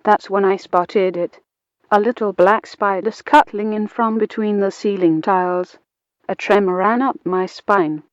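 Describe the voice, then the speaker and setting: A woman reading a first-person short story aloud in a slow, deliberate way, acting out the quoted lines. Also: medium pitch, steady tone, no echo. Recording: dull, muffled lo-fi recording.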